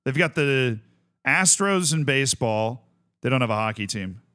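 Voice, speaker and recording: An animated, medium-pitched male voice with a sharp, smooth tone moves at a normal speed. The speaker, a young man from Tampa, Florida, streams a game and chats casually, reasoning aloud, running through lists and correcting himself.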